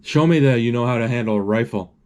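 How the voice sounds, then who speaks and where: Halting man retelling a movie. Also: mid-range voice. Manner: halting, restarts often, reads out dialogue flatly. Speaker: movie narrator. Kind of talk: casual live retelling of a film.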